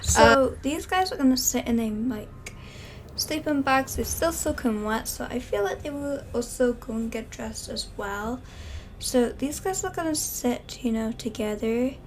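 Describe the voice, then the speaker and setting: A woman's voice: sits high, lively intonation, measured pace, a little hiss or hum. A woman casually narrating a game story with many fillers. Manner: chatty, filler-heavy with "like".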